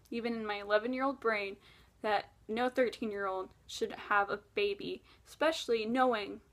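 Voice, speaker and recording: A woman tells a painful personal story straight to camera, earnest and emotional. Her voice sits a little higher than average. She swings between loud outbursts and hushed, almost whispered moments. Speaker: vlogger. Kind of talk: confessional storytelling vlog.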